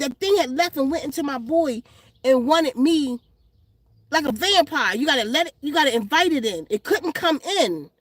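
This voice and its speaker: A woman's voice: high-pitched, expressive, fairly quick, fairly bright tone, dry recording. A woman vlogger telling a story in casual, blunt, profane street slang, outdoors in the sun.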